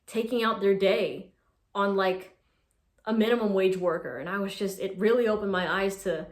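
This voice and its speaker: Young woman, casual vlog storytelling, slightly low voice, roomy echo. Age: 20s. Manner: chatty, animated retelling with filler "like". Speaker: social media creator.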